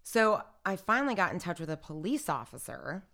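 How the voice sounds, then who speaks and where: A woman with a fairly low voice talks briskly as an interview guest, telling a personal story in casual conversation. She retells it animatedly, acting out what others said, and fills her speech with "like" and "I'm like."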